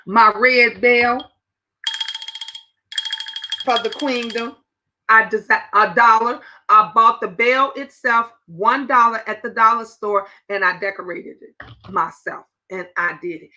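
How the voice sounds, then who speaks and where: A woman in her fifties hosting a casual livestream chat, animated and talking straight to her viewers. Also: on the high side, unhurried, rough recording. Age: 50s. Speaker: livestream host.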